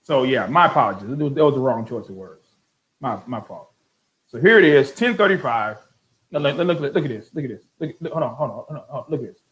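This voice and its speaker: An older man hosting a show, reading online comments aloud and answering them with exasperated sarcasm. He keeps repeating words in quick restarts. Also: medium pitch, lively intonation, a bit bright, low-quality recording. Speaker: host.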